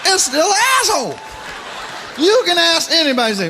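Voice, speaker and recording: A man doing a stand-up routine, telling profane stories loudly and laughing along with his own jokes. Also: extremely high pitch, big pitch swings, moderate pace, crowd noise. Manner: loud, profane storytelling that keeps breaking into laughter. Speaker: stand-up comedian. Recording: noisy live recording.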